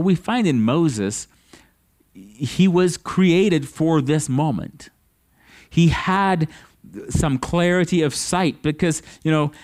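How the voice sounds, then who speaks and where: A man's voice: a little high, a little mellow. Earnest male pastor preaching. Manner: earnest, with restarts and rising emphasis on questions. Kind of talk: sermon. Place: church service.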